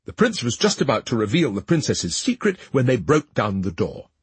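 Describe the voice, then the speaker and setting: A man narrating a fairy tale with an expressive, dramatic reading. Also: medium pitch, moderate pace, breathy edge, dry recording. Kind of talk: storybook narration.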